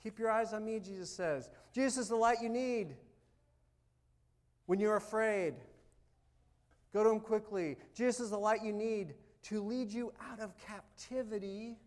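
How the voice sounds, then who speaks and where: A man preaching a sermon as pastor, animated, swinging from loud urging to soft, quiet asides. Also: sits high, measured pace.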